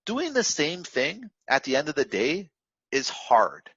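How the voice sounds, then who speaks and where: A man's voice: on the high side, huge pitch swings, a little slow, fairly bright tone, husky, no room sound, dull audio. A man giving an unscripted, direct coaching talk on trading discipline, full of fillers and restarts. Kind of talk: unscripted motivational lesson.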